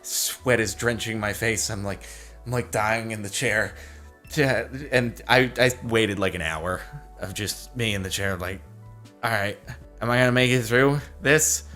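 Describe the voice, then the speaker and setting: A young man giving casual commentary as he reacts to posts, exasperated and breaking into loud rants. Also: on the low side, measured pace, faint music behind. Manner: exasperated, ranting, rising to loud outbursts.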